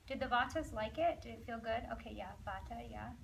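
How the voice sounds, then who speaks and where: A woman leading an ayurveda workshop, guiding slow breathing softly, then chatting in a lively, laughing way with her group. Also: a little high, creaky, a little hiss or hum. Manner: soft and slow during breathing guidance. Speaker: yoga and ayurveda workshop leader. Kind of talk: guided breathing instruction. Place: workshop room with participants.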